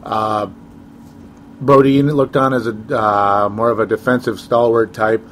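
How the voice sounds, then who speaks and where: A man's voice: fairly low pitch, fairly even intonation, measured pace, fairly bright tone, a little hiss or hum. A man co-hosting a sports talk show, rambling casually with chuckles and sarcastic asides.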